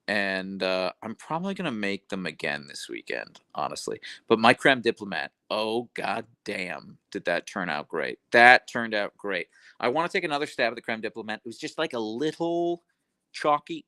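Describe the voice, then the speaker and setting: Lively bright-voiced man chatting on a livestream. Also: on the low side, no room sound. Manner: rambling, self-correcting, reads chat messages aloud. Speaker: livestream host. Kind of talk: casual live-stream chat.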